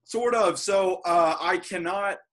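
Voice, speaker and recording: A man's voice: sits high, takes it slowly, fairly bright tone. A man telling a laid-back locker-room story in a casual chat.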